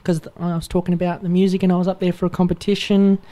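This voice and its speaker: Mellow-voiced Australian man, earnest musician guest. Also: sits high, flat delivery, racing. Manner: earnest, reflective, trails off with fillers. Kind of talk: casual interview chat.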